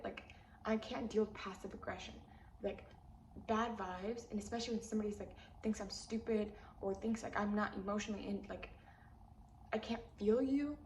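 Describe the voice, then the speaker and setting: A young woman telling an emotional personal story in a rambling way, full of "like", and her voice jumps up high when she vents. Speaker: vlogger. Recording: echoey room with faint hiss.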